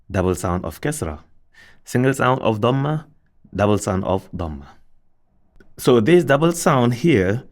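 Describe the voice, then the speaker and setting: Slow, patient male Arabic teacher. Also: medium pitch. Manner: patient, repeats sounds slowly for learners; asks rhetorical questions of students. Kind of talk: recorded video lesson.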